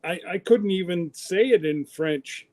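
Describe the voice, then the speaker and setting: A man with a notably high voice hosts a relaxed livestream chat. He talks in quick, teasing bursts, bantering with his guests. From Canada. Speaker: host.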